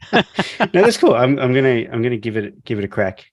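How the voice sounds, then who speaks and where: A man's voice: mid-range voice, big pitch swings, fairly quick, no room sound, dull audio. A man hosting a podcast interview, chatty and joking with lots of fillers. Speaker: podcast host. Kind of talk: casual interview chat. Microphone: podcast microphone.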